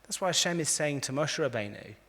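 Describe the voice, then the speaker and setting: A man, a rabbi, giving a lively lecture to a live audience, telling stories and acting out the quotes with frequent restarts. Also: on the high side, brisk. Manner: animated storyteller, frequent restarts, acts out quotes. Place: large convention hall. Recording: echoey hall.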